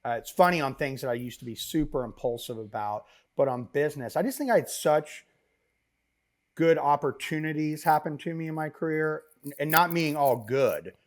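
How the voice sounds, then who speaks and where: A middle-aged man, a business founder, telling stories as a podcast guest in a rambling, animated way with many fillers and asides. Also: fairly high pitch, normal speed. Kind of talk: casual interview storytelling.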